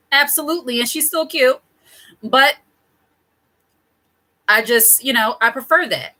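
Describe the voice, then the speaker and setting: A woman's voice: high-pitched, a little slow, bright, forceful tone, poor audio. A middle-aged woman hosting her own channel, giving casual advice straight to camera in a chatty, digressive way with frequent laughs. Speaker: channel host.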